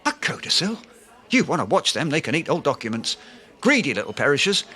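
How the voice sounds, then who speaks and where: An actor playing a pompous, self-deluded aspiring writer who blusters grandly in a comedy audio drama. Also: male voice, fairly high pitch, sing-song, fairly quick, pushed and bright, breathy edge, exaggerated voice. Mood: bluffing. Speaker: comic lead.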